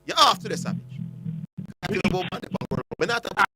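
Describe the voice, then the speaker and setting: A man's voice: high voice, racing, husky. A Jamaican man hosting sports talk radio, arguing heatedly, repeating and tripping over his words. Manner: animated and argumentative, stumbles and repeats words.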